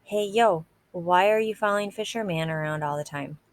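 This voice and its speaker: A swaggering teenage boy bully needles his target with mocking questions, as a woman reading a novel aloud voices him. The voice sits low and teasing. It is plain storybook read-aloud. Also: moderate pace, close to an everyday voice. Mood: taunting. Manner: taunting, teasing.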